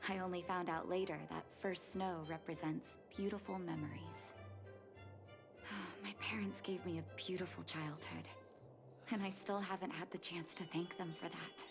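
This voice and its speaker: An actress voicing an earnest, caring young woman doctor in a video game, speaking softly and sincerely. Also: on the low side, fairly even intonation, a little slow, pauses often. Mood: wistful. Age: young adult. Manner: soft, sincere, emotional. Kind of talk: game voice acting. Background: game music.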